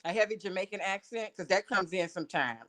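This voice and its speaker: A woman calling in for a psychic reading, reacting eagerly with quick exclamations. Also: medium pitch, crowd noise. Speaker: caller getting a reading. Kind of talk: casual chat.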